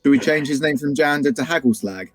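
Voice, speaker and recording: A man running a tabletop game, talking in a relaxed, hesitant way with many fillers. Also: medium pitch, quick pace, faint music behind. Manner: laid-back, hesitant with fillers. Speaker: game master. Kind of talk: casual chat.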